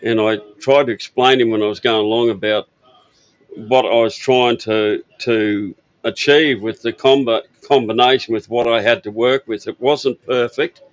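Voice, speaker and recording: An older Australian man with a mid-range voice, fairly even intonation and normal speed tells easygoing, rambling stories about his parts business, filled with fillers. This casual interview at an outdoor expo stand is recorded with no room sound and a muffled quality.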